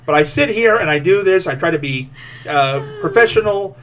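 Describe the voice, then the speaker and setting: Brief: male podcast host, lively and teasing, casual comedic chat. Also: high voice, normal speed, a little hiss or hum. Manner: teasing and jokey.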